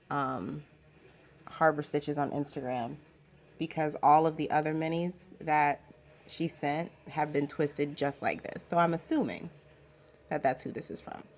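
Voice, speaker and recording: A woman's voice: low voice, a little slow, faint music behind. A young woman vlogging at home in a casual, rambling chat with lots of fillers.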